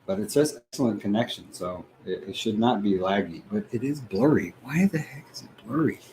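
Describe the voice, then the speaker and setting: A man hosting a livestream, chatting casually and haltingly as he thinks aloud with frequent fillers. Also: on the low side, expressive, a little mellow, a little hiss or hum, rough recording. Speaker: livestream host. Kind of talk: casual stream setup chat.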